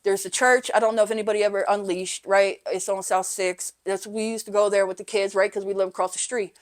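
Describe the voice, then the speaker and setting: Woman on a podcast rambling through her story, keeps saying right and you know, goes quiet on the hard parts, swears here and there, mid-pitched voice. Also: level tone, a little fast. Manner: often drops to a quiet voice when reliving hard moments; swears casually. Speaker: podcast guest. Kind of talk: telling her life story in a casual interview.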